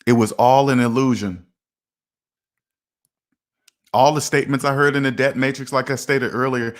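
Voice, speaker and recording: A man's voice: medium pitch, steady tone, moderate pace, long pauses. A middle-aged man hosting a personal finance video, talking casually and emphatically to the viewer, repeating his points and acting out imagined conversations with people on the street. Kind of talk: casual monologue to camera.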